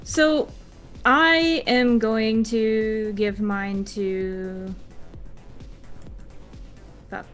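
A woman's voice: fairly high pitch, fairly even intonation, very slow, pauses often, faint music behind. A woman tabletop player in casual chat, playful and jokingly overapologetic.

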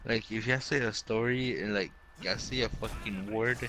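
A man's voice: lowish voice, steady tone, moderate pace, noisy background. A young man telling rambling childhood stories to friends in casual chat, full of swearing and fillers. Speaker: storyteller among friends.

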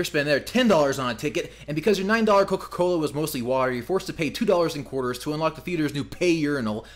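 A man co-hosting a casual podcast, reading aloud a crude, escalating comic rant he wrote. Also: on the high side. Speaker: podcast co-host.

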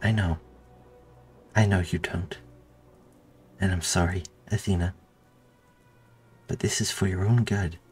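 A man's voice: sits low, steady tone, a little slow, pauses often, soft background music. A man playing a coldly tender, obsessive doctor. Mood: coaxing. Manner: soft, coaxing, insistent. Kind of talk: audiobook narration.

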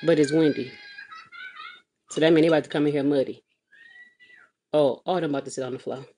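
Sassy exasperated mom telling a funny rant. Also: female voice, fairly quick, a little hiss or hum. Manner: sassy, animated, exasperated with big pitch swings. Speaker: mother of a kindergartner. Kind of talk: comedic storytelling vlog rant. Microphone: phone or webcam vlog.

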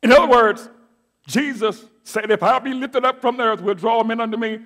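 A middle-aged man preaching a sermon as pastor, moving from quiet asides to loud declaimed scripture and calling out to his congregation. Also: extremely high pitch, normal speed. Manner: call-and-response preaching, swings from soft asides to loud declaiming. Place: church sanctuary.

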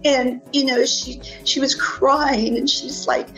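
A woman with a fairly high voice tells a personal story as a podcast guest, lively and acting out the people in it. Soft music plays faintly underneath. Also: slow, rough recording.

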